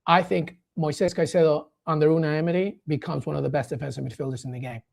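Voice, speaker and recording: Male journalist guest, gravelly slightly high voice, eager, restarts a lot. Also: steady tone, quick pace. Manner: enthusiastic, stumbles over starts, thinks aloud. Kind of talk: casual radio phone-in discussion.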